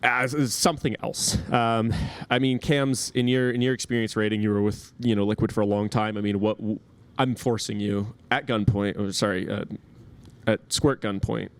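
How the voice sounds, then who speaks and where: A man's voice: lowish voice, fairly even intonation, normal speed, clean tone, no room sound. Rambling analytical male podcast co-host. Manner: rambling, many restarts and fillers. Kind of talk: casual gaming chat.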